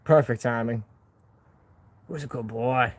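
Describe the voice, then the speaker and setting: A man's voice: medium pitch, a little slow. A man hosting a casual live stream from home. He talks to viewers in a laid-back, slangy way, calling them "man" and "dude".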